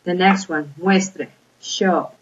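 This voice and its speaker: A woman with a fairly low voice leads a grammar lesson, patient and explanatory, checking in with her listeners as she goes. The recording is dull and lo-fi. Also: steady tone, takes it slowly. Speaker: Spanish teacher. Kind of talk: recorded classroom lecture.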